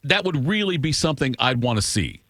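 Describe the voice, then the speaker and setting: A man's voice: medium pitch, big pitch swings, fairly quick, a bit bright, no echo, studio quality. A man hosting a morning sports talk show, asking long, teasing questions. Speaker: host.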